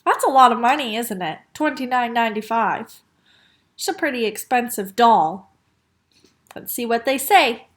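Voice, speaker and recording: Animated teacher woman reading aloud. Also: fairly high pitch, moderate pace. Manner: animated, expressive, asides to the class. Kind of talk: storybook read-aloud for children.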